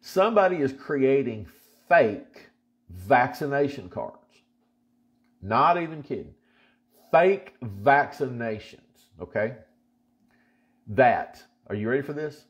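A man's voice: mid-range voice, big pitch swings, slow, pauses often. A man, a pastor chatting casually and then reading Scripture with emphatic, folksy repetition. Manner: emphatic, folksy, repeats for stress. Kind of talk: casual chat and Bible reading.

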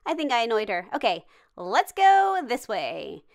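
A woman's voice: fairly high pitch, huge pitch swings, unhurried, creaky. A woman hosting a gaming channel, giving cheery, jokey and dramatic running commentary as she plays. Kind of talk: playful game commentary.

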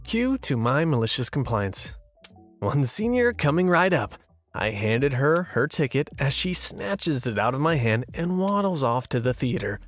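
A man narrating an online story in an expressive, wry storytelling manner. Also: normal speed, hardly any pauses, faint music behind. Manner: expressive, sarcastic storytelling with lively pitch swings.

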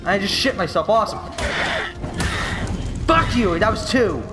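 A young man giving casual gaming commentary, swinging from mock grief to frantic yelling and swearing. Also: high-pitched, expressive, a little slow, over loud music, low-quality recording. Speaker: gameplay commentator.

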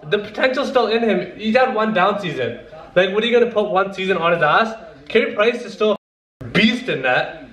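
A young man vlogging casually, excitable and hyped, swearing a lot and repeating himself. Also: high voice, a little fast. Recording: roomy echo, faint background noise.

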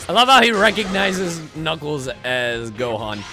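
Loud, excitable young man yelling over gameplay. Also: a little high, measured pace, hardly any pauses, faint music behind. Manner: loud, yelling and trash-talking the opponent. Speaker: gaming YouTuber playing a fighting game.

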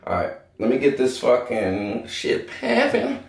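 A man's voice: mid-range voice, wildly swooping pitch, measured pace, vocal fry. A man giving a casual, joking, profane review, full of swearing and banter. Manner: brash, joking, swears a lot. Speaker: cannabis strain reviewer. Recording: echoey room with faint noise.

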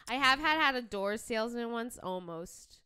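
A woman's voice: on the high side, animated, moderate pace, bright, forceful tone, clean tone. A woman hosting a casual comedy podcast, telling stories loosely with swearing and laughter. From Philadelphia area. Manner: laid-back, swearing, laughing storyteller. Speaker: podcast host. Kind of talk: casual chat.

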